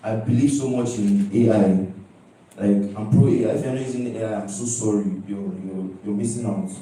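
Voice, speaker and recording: This young man from Nigeria has a lowish, mellow voice and talks fairly quickly while presenting his student project. Emphatic, he repeats himself and keeps checking in with "do you understand?" Captured from a distance in a large lecture hall full of echo.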